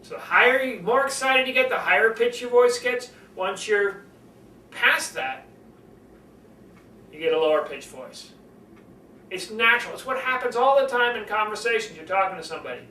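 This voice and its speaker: An older man coaching public speaking, lively and animated, swinging his voice up and down to demonstrate. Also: normal speed. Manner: animated, demonstrates pitch swings, acts out conversations. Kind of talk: speaking lesson to camera. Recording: roomy, from a distance, faint noise.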